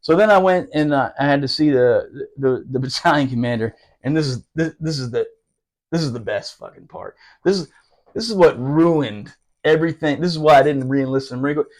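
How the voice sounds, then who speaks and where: A man telling a rough, profane story from his military days in casual podcast talk, laughing and doing quick impressions. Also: medium pitch. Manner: profane, animated, laughing, fast asides.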